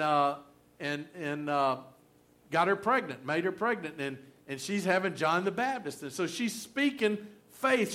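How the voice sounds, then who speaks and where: A middle-aged man, preaching a sermon in a folksy, animated storytelling way with humor. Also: high-pitched. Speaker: pastor.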